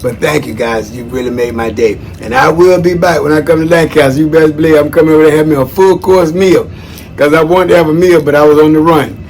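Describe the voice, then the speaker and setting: A man giving friendly shout-outs in a chatty, folksy monologue that wanders off on tangents. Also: a little high, fast. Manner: chatty, folksy, digressive, calls listeners "man". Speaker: former social worker. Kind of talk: casual rambling monologue.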